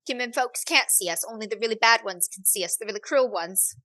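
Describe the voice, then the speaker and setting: A woman's voice: fairly high pitch, fairly quick, bright, forceful tone. A woman voicing a small, guarded fae orphan girl, putting on an attempted Irish accent and speaking in curt, demanding questions. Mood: suspicious.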